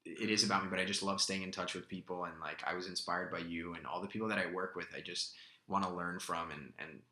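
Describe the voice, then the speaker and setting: A man's voice: sits low, steady tone, fast, bright, forceful tone. A young man from Russia, a guest actor, chatting and rambling through stories in a casual interview. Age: young adult. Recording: echoey room.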